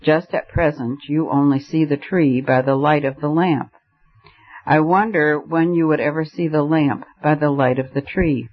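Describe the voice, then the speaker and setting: A man reading the part of a patient, dryly witty male debater who speaks in a measured way, on a slightly muffled recording. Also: a little high, steady tone, natural voice.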